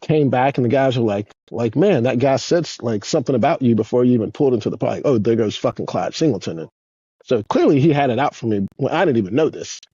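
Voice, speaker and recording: A man in his fifties, a guest on an interview show, telling rambling, profane stories in a casual, animated way. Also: medium pitch, quick pace, husky, no echo, dull audio. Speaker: guest, former pro skateboarder. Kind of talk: casual storytelling.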